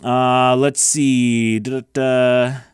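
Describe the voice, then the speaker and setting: A man's voice: medium pitch, flat delivery, drawn-out words, clean tone, no room sound, studio quality. A man hosting a live voice-over Q&A, earnest and encouraging, rambling with fillers as he answers viewers. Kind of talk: motivational live stream chat.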